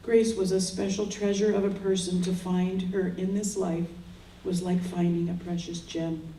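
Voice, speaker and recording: A woman's voice: fairly low pitch, level tone, moderate pace, mellow, a little hiss or hum. An older woman, a grieving mother, speaking earnest and prayerful words at a memorial in short solemn phrases. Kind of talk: slow heartfelt memorial speech. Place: memorial gathering. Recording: roomy sound from far off.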